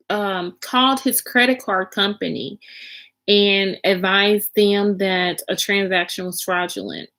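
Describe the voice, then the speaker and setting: Woman vlogging her own story, candid and rambly, cusses a lot, keeps repeating herself, gets worked up in bursts, normal mid pitch. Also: a bit bright. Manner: swears freely, flares up in agitation. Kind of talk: candid confessional vlog.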